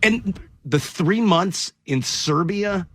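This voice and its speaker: A man's voice: high-pitched, animated, slow pace, fairly bright tone, dry recording. A man hosting a morning radio show in a studio, bantering and stumbling through his questions.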